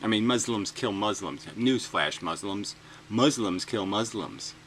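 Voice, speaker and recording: A man's voice: lowish voice, measured pace, a bit bright, a little hiss or hum, poor audio. Sarcastic, foul-mouthed man ranting. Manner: sarcastic, profane, mocking asides. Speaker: commentator reading news stories. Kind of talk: sarcastic comedic rant.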